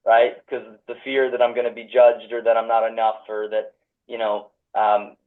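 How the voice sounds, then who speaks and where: A man in his thirties from Philadelphia, answering at length as a guest on a call, rambling and restarting his sentences often. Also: medium pitch. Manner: rambling, full of restarts and hedges. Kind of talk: reflective conversational answers. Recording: tinny phone-like video call audio.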